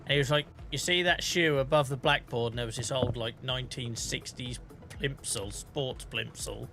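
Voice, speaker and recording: A man's voice: medium pitch, moderate pace, vocal fry, over music. A man in his thirties streaming a farming game, telling stories in a chatty way with swearing and laughter. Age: 30s. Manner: chatty, swears and laughs a lot while storytelling. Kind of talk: casual gameplay chat.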